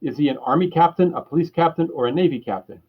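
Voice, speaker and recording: A man voicing a fussy, officious city hall clerk on the phone in a children's story reading, pitched high and bright, with a husky voice. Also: fast, highs cut off, natural voice.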